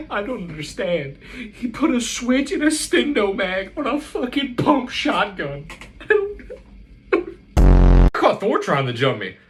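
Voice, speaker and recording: A man doing a comedic meme monologue, animated and swearing with exaggerated outrage. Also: sits high. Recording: loud music behind.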